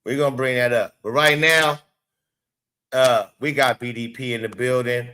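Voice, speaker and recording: A man hosting a casual live stream, animated, swearing and talking back to his chat. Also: medium pitch, moderate pace. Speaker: show host.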